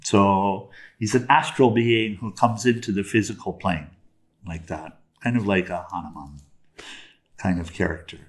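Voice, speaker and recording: A man, a spiritual teacher, telling a story in a sermon in a relaxed way, with chuckles and many fillers. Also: on the low side, slight background noise.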